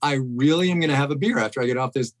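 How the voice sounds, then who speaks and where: A man's voice: medium pitch, very fast. A man co-hosting a podcast from a home shed over a video call, telling a rambling, self-deprecating story in casual chat. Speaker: podcast co-host. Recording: poor video call audio.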